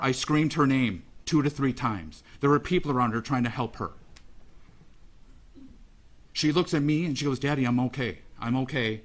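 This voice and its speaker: A father giving an emotional, halting victim statement in a courtroom, repeating phrases as he speaks. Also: medium pitch, a bit bright.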